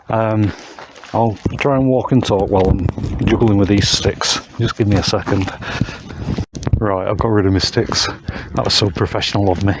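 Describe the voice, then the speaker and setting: A man's voice: fairly low pitch, background noise. Hiking vlogger, man, easygoing pace, chatty and self-deprecating, puffing a little, handheld camera outdoors. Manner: chatty, with fillers and self-mocking asides. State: a bit out of breath from walking uphill. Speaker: wild camping vlogger. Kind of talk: casual vlog while hiking. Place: outdoors on hillside moorland.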